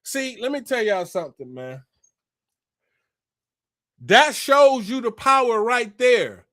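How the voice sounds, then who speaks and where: High-voiced dude riffing on a bible story, slangy and cussing, bright and dry. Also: male voice, slow pace, no room sound. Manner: animated, profane, slangy, acts out quotes. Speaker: spiritual commentator. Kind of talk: casual storytelling monologue.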